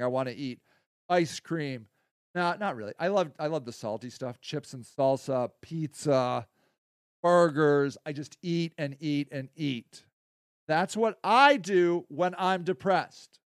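A man hosting a podcast in a casual monologue, rambling and blunt, often profane, going from quiet asides to heated stretches. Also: on the high side, a little slow, clean tone, no room sound, studio quality. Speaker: podcast host.

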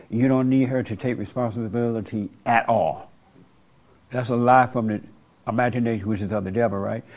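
A man's voice: medium pitch, gravelly, warm tone. Blunt preacher man counseling. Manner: direct, preachy, plays out voices in quotes. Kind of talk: counseling talk.

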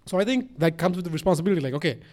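A man co-hosting a podcast in casual chat, rambling and animated, swearing and laughing often, with a mixed accent that has a slight Eastern European tinge. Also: a little high, very fast. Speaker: podcast co-host.

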